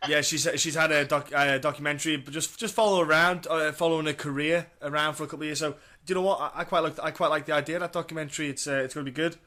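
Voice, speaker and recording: Bright-voiced British man chatting fights. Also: a little high, steady tone, very fast, hardly any pauses. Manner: rambling, stumbles over fighter names. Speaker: podcast co-host. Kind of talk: casual sports chat.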